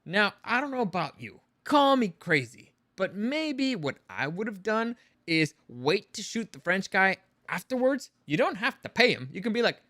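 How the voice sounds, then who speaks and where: A man's voice: sits high, big pitch swings, normal speed, sharp tone, no room sound, studio quality. Exasperated, sarcastic man ranting. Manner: exasperated, sarcastic, swears freely. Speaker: reviewer. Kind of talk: ranting review vlog.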